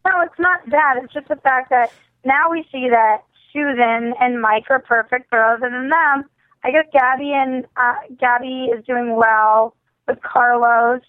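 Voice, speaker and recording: A woman's voice: high-pitched, fairly even intonation, a little slow, dry recording. A woman co-hosting a casual podcast about a TV drama, thoughtful and a little hesitant. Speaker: podcast co-host. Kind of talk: casual TV recap chat. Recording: tinny phone line.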